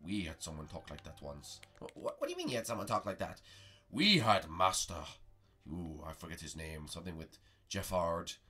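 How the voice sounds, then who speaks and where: Guy doing a low pompous old mystic dude, husky, bright edge, grand old-fashioned talk. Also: sing-song, normal speed, exaggerated voice. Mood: grave. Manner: grandiose, archaic speech. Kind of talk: plush or Minecraft role-play comedy.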